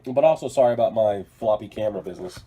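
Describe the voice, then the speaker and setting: A man's voice: fairly low pitch, very fast, warm tone, slightly rough. Coughing sick man chatting at a hobby table. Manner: rambling, self-correcting, apologetic. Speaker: hobby channel host. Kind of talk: casual hobby vlog.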